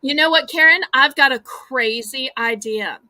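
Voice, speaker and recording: A woman with a Southern American accent hosting a live home-shopping auction, with chatty, animated selling patter. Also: high voice, normal speed, dry recording.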